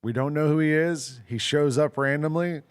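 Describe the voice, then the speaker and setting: A man's voice: fairly high pitch, normal speed, clear, resonant tone. A man co-hosting a casual sports talk show, telling stories in a rambling way with lots of "like" and "um" fillers. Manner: amused storyteller. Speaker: sports radio co-host.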